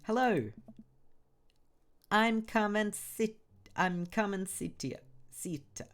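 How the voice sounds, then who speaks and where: A woman voicing a cheeky, blunt young girl in a video game, high and playful. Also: lively intonation, takes it slowly. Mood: teasing.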